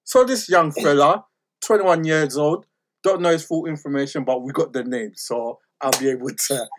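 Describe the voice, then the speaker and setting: A man's voice: fairly high pitch, normal speed, background noise. A man, hosting a casual football chat in a laid-back, slangy way and laughing between lines. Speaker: podcast host.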